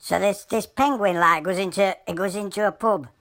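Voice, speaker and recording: A woman with a broad Yorkshire accent voicing an animal who tells jokes in a deadpan, rambling way. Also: mid-range voice, moderate pace, no room sound, close to an everyday voice. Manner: deadpan, rambling joke-telling in broad dialect.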